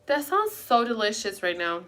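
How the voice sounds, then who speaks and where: A woman's voice: on the high side, big pitch swings, normal speed, sharp tone. A young woman live-streaming at home, chatting with viewers in a rambling, casual way and swearing now and then. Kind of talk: casual chat.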